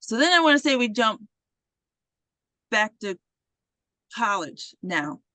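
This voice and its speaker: Animated woman recapping a movie. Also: fairly high pitch, takes it slowly, dry recording. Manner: animated retelling with swearing and acted quotes. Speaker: podcast host.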